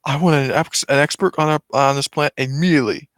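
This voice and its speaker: A man's voice: a little high, fairly even intonation, quick pace, fairly bright tone, no echo, studio quality, pitched above the performer's own voice, natural voice. A man voicing a stern, commanding alien woman leader. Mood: urgent command. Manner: commanding and urgent.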